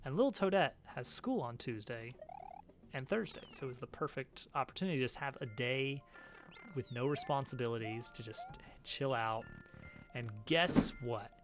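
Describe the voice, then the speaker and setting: A man's voice: mid-range voice, animated, normal speed, over music. A man streaming a video game, chatting casually and chuckling between asides. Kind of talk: casual chat while playing a game.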